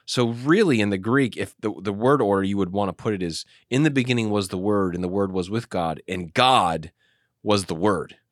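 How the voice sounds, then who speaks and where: A man, a pastor, explaining Bible passages in an animated teaching discussion, often restarting his sentences. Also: lowish voice, fairly quick, few pauses, no echo, clean studio sound.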